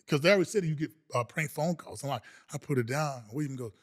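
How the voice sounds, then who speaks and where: Brief: middle-aged male guest, a former football player, raised voice, animated storyteller who laughs through his anecdotes. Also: a little high, fast talker, hardly any pauses. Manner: animated, laughs often, acts out quoted voices. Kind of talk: casual storytelling.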